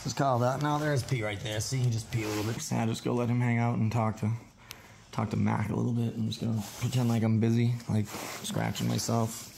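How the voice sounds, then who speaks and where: A dog trainer from Massachusetts chatting casually through a vlog, breaking into a high baby voice to talk to the dogs. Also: male voice, flat delivery, brisk, creaky, darkish tone, slight background noise. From Massachusetts, USA.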